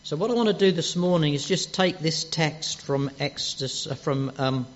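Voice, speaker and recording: A man preaching a sermon, gentle and earnest, dropping soft on quoted words. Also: fairly high pitch, normal speed. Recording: dull lo-fi church recording.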